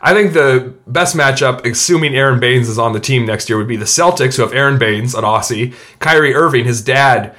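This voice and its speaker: A man co-hosting a casual sports podcast, chatting with animated asides. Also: mid-range voice, a little fast, hardly any pauses. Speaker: podcast co-host.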